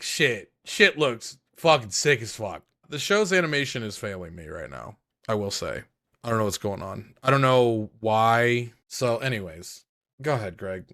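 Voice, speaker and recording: A young man co-hosting a casual podcast, animated and self-deprecating, swearing often. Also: medium pitch. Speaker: podcast co-host.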